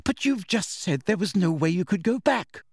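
An anxious, clever teenage girl, as a male audiobook reader voices her with a lifted, quick delivery. Her questions come fast and worried. The tone stays husky and dry. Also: sits high, animated, no echo, voice pushed up. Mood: anxious questioning.

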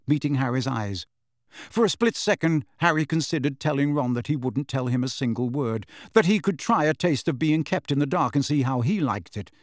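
A man's voice: mid-range voice, dry recording, clean studio sound. A man narrating an audiobook expressively.

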